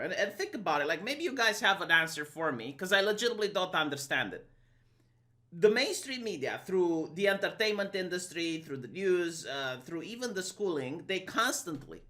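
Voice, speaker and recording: A man's voice: high voice, pushed and bright. A man with a Romanian accent, a streamer giving an argumentative, sarcastic opinion monologue. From Eastern Europe. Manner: sarcastic, argumentative, quick mock impressions.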